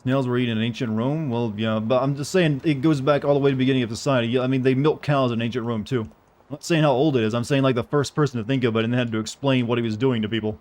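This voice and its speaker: A man's voice: mid-range voice, steady tone, quick pace, darkish tone. A man streaming a game, chatting casually and answering viewers' questions in a rambling, joking way. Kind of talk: casual gameplay commentary.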